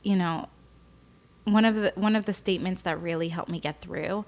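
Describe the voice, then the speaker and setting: A woman's voice: lowish voice, steady tone, normal speed, a little mellow, a little hiss or hum. A young woman speaking candidly as a podcast guest, often emotional and tearful, with many fillers. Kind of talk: candid personal interview.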